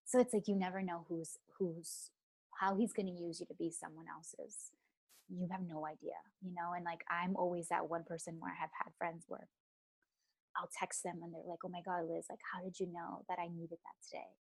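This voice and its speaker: Chatty woman, lower voice, dry sound. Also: level tone, normal speed, slightly rough, dry recording. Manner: chatty storytelling, heavy use of "like". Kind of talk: casual chat.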